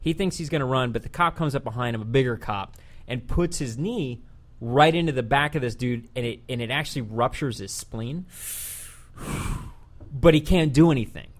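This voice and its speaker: A man hosting a laid-back podcast, spinning a long yarn with plenty of swearing. He slips into quoted lines as he goes, with an animated, chatty delivery at an ordinary pitch. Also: moderate pace. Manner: animated, profane retelling with voiced quotes. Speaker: podcast host. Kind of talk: casual podcast storytelling.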